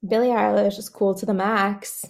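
A woman chatting casually with a friend, playful and quick to laugh. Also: medium pitch, little pitch movement, vocal fry. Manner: playful, laughing often, rating people as cool or not. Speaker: co-host. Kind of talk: casual chat.

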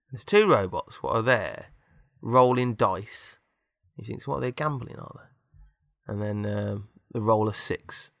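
A man's voice: fairly low pitch, vocal fry, no echo, studio quality. A man casually improvising a story, rambling with fillers and tag questions.

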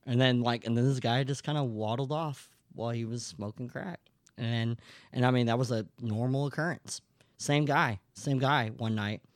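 A man's voice: mid-range voice, fairly even intonation, moderate pace, no echo, studio quality. A young adult man hosting a podcast, telling a long story in a rambling, casual way, with lots of fillers and some swearing. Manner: rambling, many fillers and restarts, swears freely. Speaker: podcast host.

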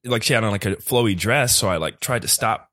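A man on a studio mic, a podcast guest telling a comedic story casually with lots of fillers, jumping high when he quotes people. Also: a little fast, pushed and bright, no echo. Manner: loose, filler-heavy telling that jumps high for quoted voices.

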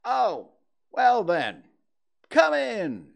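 A man puts on a fussy, cautious rabbit from a storybook, raised high in pitch and prim in manner. Each polite line is clipped and careful, with wide swoops in the voice. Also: wildly swooping pitch, drawn-out words, gravelly, exaggerated voice.

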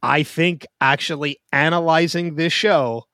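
Man co-hosting a podcast, bright forceful voice, fairly high, dry close sound. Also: steady tone, no room sound. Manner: openly emotional, talks in quick restarts. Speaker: podcast co-host. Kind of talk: casual TV show discussion.

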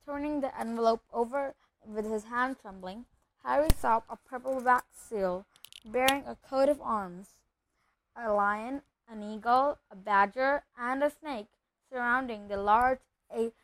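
A woman reading a novel aloud with steady, expressive storytelling. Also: on the high side, measured pace, a little hiss or hum, rough recording.

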